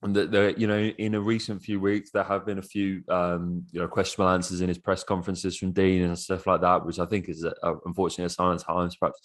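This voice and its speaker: A man with a very deep voice co-hosts a casual football podcast. He talks in an excitable rush and swears freely. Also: fast, few pauses. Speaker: podcast co-host.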